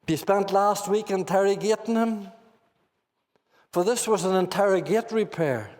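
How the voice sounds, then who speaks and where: A man's voice: high-pitched, normal speed, a little mellow. A man with a Northern Irish accent preaching a sermon in a church meeting hall, earnestly putting questions to his listeners.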